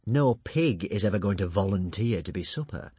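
A man's voice: fairly low pitch, animated, moderate pace, breathy edge, dry recording. A man doing a silky, menacing pirate chief. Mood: reasoning. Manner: silky, mock-gentle menace. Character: smug, menacing male pirate chief, falsely polite.

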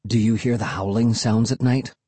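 A man's voice: lowish voice, steady tone, normal speed, warm tone, husky, dry recording. A man voicing a hesitant young boy, the new kid, in an audiobook. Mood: awkward. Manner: hesitant, awkward. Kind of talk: audiobook character voice.

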